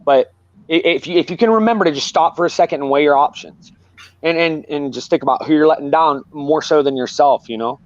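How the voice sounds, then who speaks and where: A man's voice: a little high, fairly quick, no room sound. Earnest, rambling man on a dull line. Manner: earnest, rambling, repeats himself. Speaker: guest. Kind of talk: candid personal talk.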